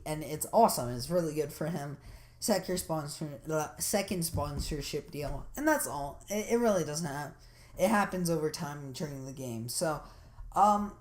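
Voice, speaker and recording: A woman talks through a video game in a loose, rambling way, with lots of fillers and restarts. Her voice sits a little low for a woman. She gets excited about what happens on screen. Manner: excited and enthusiastic. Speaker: gameplay commentator. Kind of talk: casual video game commentary.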